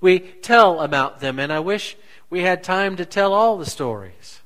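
Pastor guy preaching slow, lots of questions to the pews, kinda high voice. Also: lively intonation, fairly bright tone, rough recording. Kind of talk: sermon.

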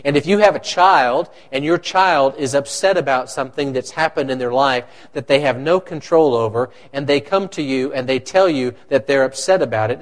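Man preaching a slow, questioning sermon. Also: mid-range voice. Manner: conversational, asks the congregation questions. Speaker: pastor.

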